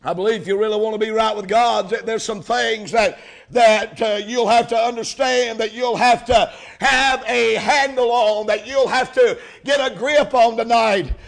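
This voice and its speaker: A man preaching a revival sermon, shouting and rising to impassioned cries. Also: extremely high pitch, fairly even intonation, normal speed, creaky.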